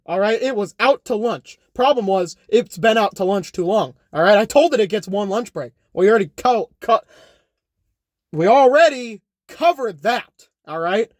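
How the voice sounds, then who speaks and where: Young guy doing a goofy rambling vlog rant, high bouncy voice, dry close sound. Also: no room sound. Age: young adult. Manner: rambling, jokey, self-correcting, repeats "all right?". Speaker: YouTuber. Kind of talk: unscripted comedic vlog rant. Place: home.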